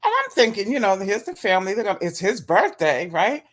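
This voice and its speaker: A woman's voice: mid-range voice, big pitch swings, brisk. A middle-aged woman, a talk show guest, telling a story casually and animatedly, acting out quoted dialogue with laughs.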